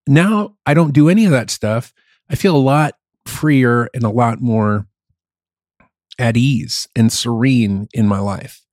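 A man's voice: mid-range voice, a little slow, a little mellow, dry recording, clean studio sound. A middle-aged man, a gigging musician, talking candidly and profanely in a casual podcast chat, often mocking himself. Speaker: musician who plays gigs.

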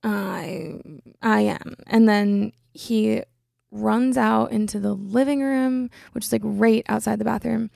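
A woman's voice: fairly high pitch, fairly even intonation, a little slow, gravelly, warm tone, no room sound, studio quality. A young adult woman hosting a podcast, telling a personal story in a casual, chatty way full of "like" fillers. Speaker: podcast host.

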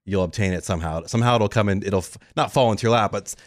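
A man's voice: fairly low pitch, fast talker, dry recording, clean studio sound. A man in his thirties, a radio show regular, telling his career story in a casual interview and acting out the people he quotes. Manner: animated, quotes people in lively voices. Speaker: radio show cast member. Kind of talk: conversational storytelling.

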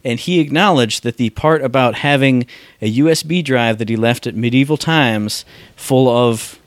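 Male podcast co-host, mid pitch, casual and animated, mocking voices, dry close mic. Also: moderate pace, no room sound. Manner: animated, mocks with exaggerated voices. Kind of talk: casual chat.

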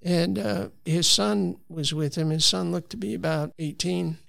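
A man's voice: high voice, a little slow, vocal fry, fairly bright tone, no echo, clean studio sound. A man from Florida, a conservation advocate, telling stories earnestly in a conversational interview with frequent restarts. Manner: earnest, storytelling with many restarts.

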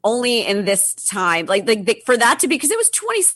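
A woman's voice: a little high, very animated, fairly quick, fairly bright tone. A woman co-hosting a casual movie review podcast, chatty and rambling, laughing often. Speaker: podcast co-host.

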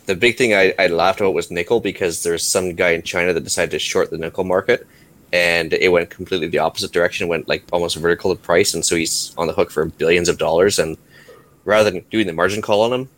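A man's voice: deep voice, steady tone, fast, a bit bright. A Canadian man co-hosting a podcast, chatting casually and joking as he rambles through the news. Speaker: podcast co-host. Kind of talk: casual chat.

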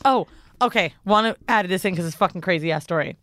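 A young adult woman co-hosting a podcast, telling a profane story in animated casual chat. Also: on the low side, quick pace, slight background noise. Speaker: podcast co-host.

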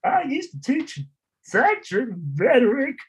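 Man faking a high squeaky voice, mocking co-host impression, overblown and drawn out. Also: very animated, full character voice. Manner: shrill, overblown, slowed mimicry. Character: mocking squeaky imitation of his male co-host.

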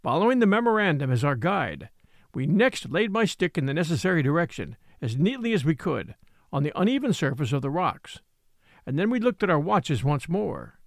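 Expressive male audiobook narrator. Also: on the high side, moderate pace, no echo, clean studio sound. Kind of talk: scripted narration.

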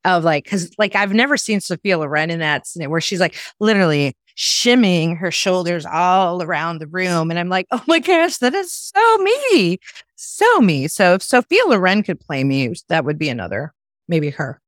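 A woman's voice: fairly low pitch, normal speed, no echo, clean studio sound. Bubbly American woman podcast host. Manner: bubbly, laughs often. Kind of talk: casual podcast chat.

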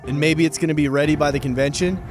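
A man's voice: on the high side, fairly even intonation, fast talker, soft background music. A man co-hosting a podcast, teasing his co-host and jumping between topics in casual sports banter.

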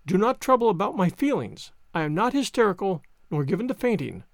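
A man puts on an eager young wife, her voice lifted high and tense with worry as she presses for answers. The sound is close and dry, with a lively, swooping delivery. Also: a little fast, creaky, no echo, full character voice. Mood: anxious pleading.

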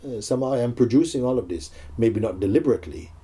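A man acting as a spiritual teacher, speaking slowly and reflectively, with many pauses, in a spiritual dialogue. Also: mid-range voice, animated, warm tone, slightly rough.

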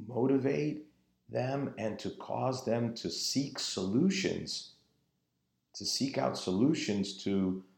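A man's voice: lowish voice, gravelly, a little mellow. A man preaching a sermon in an earnest, emphatic way, drawing out his phrases. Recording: roomy echo.

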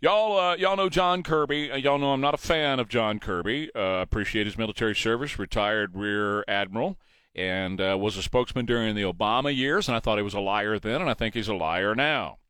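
A man's voice: fairly low pitch, fairly quick, fairly bright tone, clear, resonant tone, dry recording. A man hosting a morning talk radio show, opinionated and mocking.

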